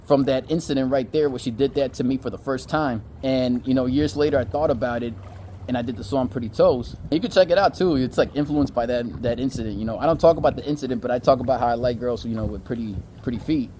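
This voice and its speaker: Animated man telling a story, mellow voice. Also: mid-range voice, fast, a little hiss or hum. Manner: animated, acts out quotes with exaggerated voices; profane, slangy. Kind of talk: casual storytelling.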